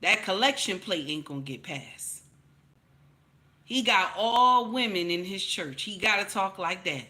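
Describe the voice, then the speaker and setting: A female commentary host speaks expressively at a slightly slow pace in a medium pitch. She gives profane, blunt opinion pieces to camera in a preachy style, repeating her points, rising into loud outbursts, and often calling people "baby."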